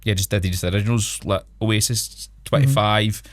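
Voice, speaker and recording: A man's voice: on the low side, normal speed, no room sound. Chatty Scottish man telling stories. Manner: chatty storyteller, laughs often. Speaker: podcast co-host. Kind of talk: casual chat.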